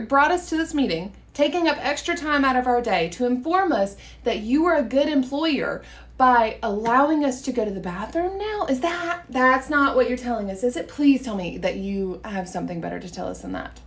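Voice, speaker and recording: Young woman, comedy sketch, sarcastic, sassy, higher pitch. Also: lively intonation, moderate pace. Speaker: comedy skit creator. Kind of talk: comedy sketch about workplace.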